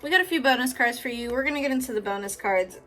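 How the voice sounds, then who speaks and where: A young woman doing a casual tarot reading, swinging from hushed prayers to loud, laughing, swearing outbursts. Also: on the high side, quick pace, soft background music. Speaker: tarot reader.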